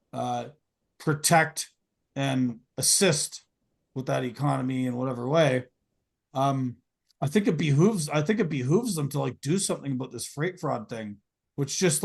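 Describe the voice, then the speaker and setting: A man's voice: a little high, gravelly. A man hosting a podcast, talking casually in long, rambling runs full of fillers and restarts. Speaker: podcast host.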